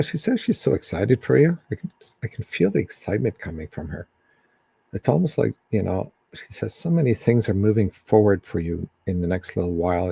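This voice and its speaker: A man giving psychic readings on a live stream in a halting, casual way, with many ums and restarts. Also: lowish voice, creaky, dark tone, slightly rough, dry recording.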